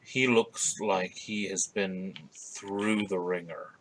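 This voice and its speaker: A man's voice: low-pitched, fairly even intonation, takes it slowly, a bit bright, a little hiss or hum, poor audio. A man narrating as game master of a tabletop game, rambling and hesitant, with many fillers.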